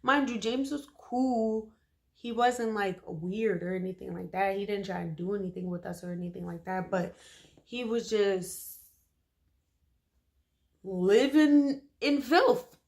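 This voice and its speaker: A woman tells a personal story in a relaxed, chatty way. Her delivery is emphatic and full of slang, and she often turns to her listeners with quick "okay?" asides. Her voice sits at an ordinary middle pitch for a woman. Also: gravelly. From Philadelphia, USA. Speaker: storytime vlogger. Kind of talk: casual storytelling to camera.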